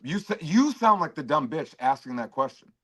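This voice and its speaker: An aggressive man rants and mocks in a heated livestream argument. His voice sits a little high and he swears constantly. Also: very animated, normal speed, pushed and bright. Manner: aggressive, profane, mocking. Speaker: stream guest. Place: home.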